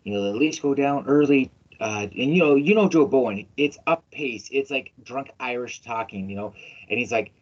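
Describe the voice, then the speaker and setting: A man hosting a casual sports podcast, telling stories in an animated, emphatic way with plenty of swearing. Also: mid-range voice, normal speed, breathy edge. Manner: animated, emphatic storytelling, profane. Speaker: podcast host. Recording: dull lo-fi audio.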